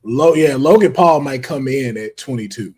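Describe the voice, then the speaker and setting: With a darkish, breathy mid-range voice at a moderate pace, a Southern US man co-hosts a relaxed podcast conversation. He stays laid-back while steering the picks.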